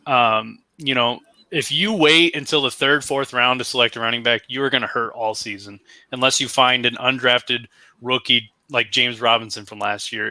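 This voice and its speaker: A man co-hosting a casual sports podcast, thinking out loud and correcting himself as he talks through his draft picks. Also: mid-range voice, dry recording. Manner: conversational, thinks aloud, self-correcting. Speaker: podcast co-host.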